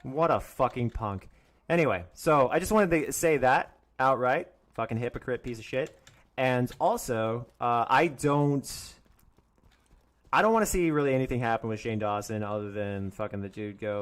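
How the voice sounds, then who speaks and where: A man's voice: mid-range voice, lively intonation, normal speed. A young man ranting on his own live stream, angry and profane, mocking others in put-on voices and laughing often.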